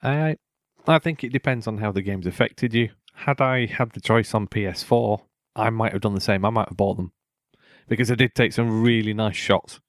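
A man's voice: fairly low pitch, normal speed, no room sound, studio quality. A man hosting a casual gaming podcast, chatty and opinionated, laughing often. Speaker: podcast host.

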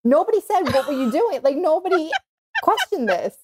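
A woman's voice: sits high, moderate pace. A woman in her thirties with a New York accent, telling stories in a casual chat, with lots of fillers. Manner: animated storytelling with many fillers.

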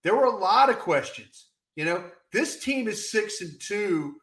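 High-voiced man in an echoey room. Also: unhurried. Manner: animated, folksy, repeats "I tell you what". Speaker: podcast co-host. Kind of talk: casual sports talk.

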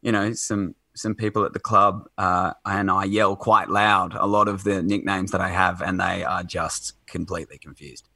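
A man's voice: deep voice, fairly even intonation, normal speed, creaky, few pauses, sharp tone, no room sound. A man chatting casually as a podcast guest, rambling with lots of fillers and restarts.

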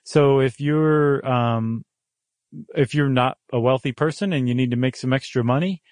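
A man co-hosting a podcast in casual, playful chat, joking and animated. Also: mid-range voice, moderate pace, no room sound, clean studio sound. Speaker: podcast co-host.

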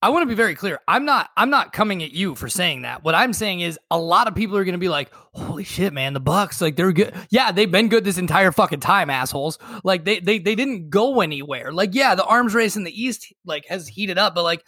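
A man co-hosting a sports podcast, talking in a joking, animated, profane way. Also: high voice, fairly quick, few pauses, no room sound, studio quality. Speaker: podcast co-host. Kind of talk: casual sports chat.

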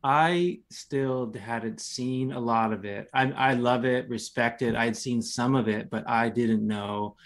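A man's voice: mid-range voice, takes it slowly, hardly any pauses. A man in his thirties, a guest in casual chat, telling stories in a laid-back, rambling way full of fillers.

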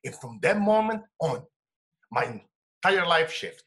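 Man, interview guest, bright, slightly high voice, expressive storyteller swinging between soft and loud. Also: unhurried. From Brazil. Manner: animated, shifts between hushed and loud laughing bursts. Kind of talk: emotional storytelling in conversation.

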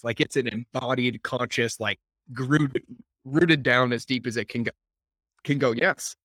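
Man, podcast host, energetic, emphatic repetition, casual chat, dry sound. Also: mid-range voice, measured pace, no room sound. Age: adult, working professional. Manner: energetic, emphatic, repeats words for effect.

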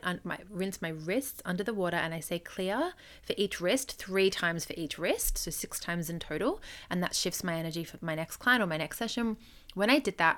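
Lower-pitched woman coaching podcast host. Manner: earnest, loose and conversational with frequent "like"; gentle, encouraging advice. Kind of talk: solo podcast talk.

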